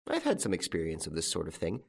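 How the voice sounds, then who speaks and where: A man voicing a composed gentleman near forty who speaks calmly and with quiet amusement. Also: sits low, creaky, breathy edge, voice pushed down, exaggerated voice. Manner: calm, measured and quietly amused.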